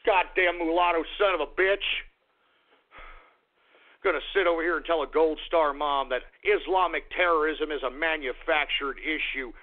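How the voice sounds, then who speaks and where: Furious high-voiced man ranting on radio. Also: moderate pace. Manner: ranting, shouting, swearing, repeating himself. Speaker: radio show host. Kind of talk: angry political radio rant. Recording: tinny phone-like radio broadcast.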